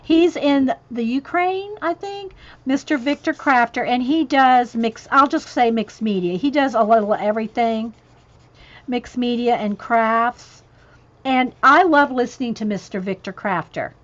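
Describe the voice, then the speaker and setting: A woman's voice: fairly high pitch, unhurried, muffled recording. Chatty woman rambling through a list. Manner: chatty, rambling, breaks off to talk to her cat. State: voice getting worn. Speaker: craft vlogger reading a list of channels. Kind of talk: casual livestream chat. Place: home craft room with a ring light.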